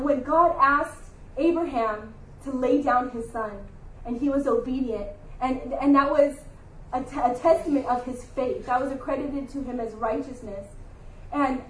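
A woman with a high voice gives an earnest, confessional devotional teaching. Her heartfelt words ring out in an echoey room. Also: unhurried, far from the mic. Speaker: Bible study speaker.

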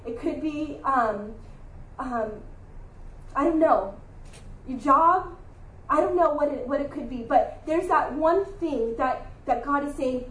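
Earnest high-voiced woman teaching scripture. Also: takes it slowly, fairly bright tone, roomy sound, far from the mic, poor audio. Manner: earnest, confessional, heartfelt. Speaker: Bible study speaker. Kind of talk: Christian devotional teaching.

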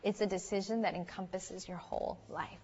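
A woman's voice: medium pitch, steady tone, a little fast, darkish tone, breathy edge, long reverb tail, highs cut off. A woman giving an earnest, chatty sermon to young people, telling stories as she goes. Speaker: youth speaker.

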